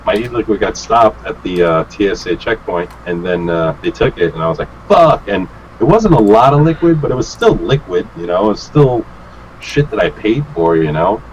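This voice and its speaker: A man with a fairly low voice tells a rambling story in a relaxed, chatty way. He jumps into other people's lines, swears freely and laughs along as he goes. A faint hiss sits under the recording. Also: moderate pace, poor audio. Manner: animated, acts out quotes with swearing and laughs. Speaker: guest, vape reviewer. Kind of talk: casual storytelling chat.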